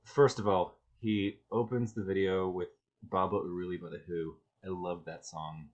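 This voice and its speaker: Brief: low-voiced man hosting a reaction video, sarcastic and exasperated, stumbling over restarts. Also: fairly even intonation, moderate pace, lo-fi sound. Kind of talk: reaction commentary.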